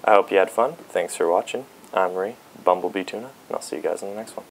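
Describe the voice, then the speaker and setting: A man's voice: deep voice, fast talker, vocal fry, very noisy. A man giving casual, joking commentary as he plays a video game. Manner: joking, riffs and sings along. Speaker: let's play gamer.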